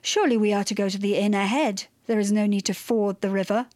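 A woman's voice: mid-range voice, steady tone, fast, darkish tone, no echo, clean studio sound, natural voice. A woman voicing a solemn young woman from ancient times who speaks in formal, archaic phrases, read from a storybook. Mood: questioning.

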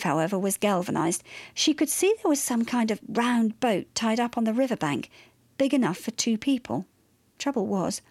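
A woman narrating a children's story in a lively, expressive way. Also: medium pitch, dry recording.

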